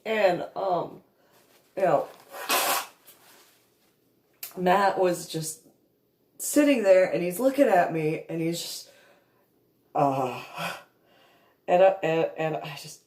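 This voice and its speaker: A woman telling a painful family story to camera, in a halting, emotional way full of trailing restarts. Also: fairly low pitch, expressive, a little mellow. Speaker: vlogger recounting a family conflict. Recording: echoey room.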